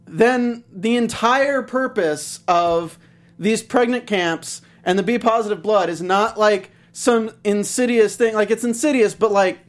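A man co-hosting a TV aftershow in casual chat, animated and talking in quick rushes. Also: high voice. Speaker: co-host of a TV aftershow.

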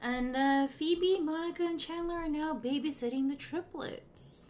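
A woman's voice: high voice, normal speed, crowd noise. A woman co-hosting a podcast, casually recapping a sitcom episode and peppering it with "you know" and "like". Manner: chatty, fills with "you know" and "like", laughs often. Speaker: podcast co-host.

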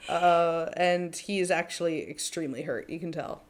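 A young woman co-hosting a podcast in casual chat, enthusiastic and quick. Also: fairly low pitch. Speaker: podcast co-host.

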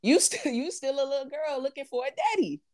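A woman's voice: sits high, expressive, brisk, darkish tone. A woman, talking bluntly and profanely in casual chat, repeating her points for emphasis.

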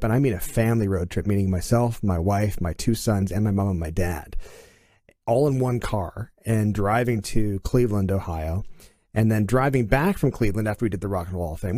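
Mellow, animated Canadian storyteller man. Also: fairly low pitch, no echo. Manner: animated, acts out quoted dialogue. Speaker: guest. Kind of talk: casual conversation, storytelling.

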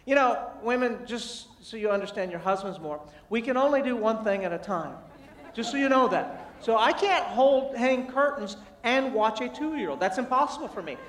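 A man giving a humorous motivational sermon, telling a family story with animated, self-deprecating delivery. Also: very high-pitched, moderate pace. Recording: echoey, distant mic in a large room.

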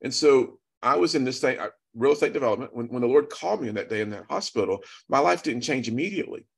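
A man's voice: mid-range voice, lively intonation, quick pace, creaky, breathy edge. A man telling an earnest, dramatic testimony as a guest, acting out the dialogue. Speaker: guest speaker. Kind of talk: storytelling testimony.

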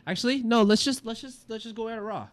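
A man co-hosting a podcast, directing a scene reading in casual chat, halting and full of restarts. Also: very high voice. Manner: halting, restarts a lot, bossy about the scene.

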